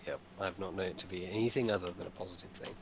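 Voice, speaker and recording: A man's voice: low voice, racing, a little hiss or hum. A man from Dorset with a southern English accent, chatting casually with a friend in short, easygoing replies. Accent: southern English, Dorset at times. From Dorset, England. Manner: laid-back, brief replies, chuckles along. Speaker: friend of the host. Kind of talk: casual chat.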